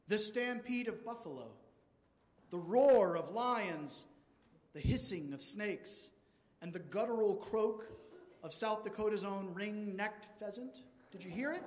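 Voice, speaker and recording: A man preaching a sermon in a church, asking rhetorical questions again and again. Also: high voice. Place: large church. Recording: long church reverb.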